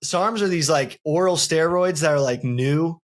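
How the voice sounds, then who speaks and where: Male podcast host, casual and profane, quick joking delivery, somewhat high voice. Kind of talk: casual chat.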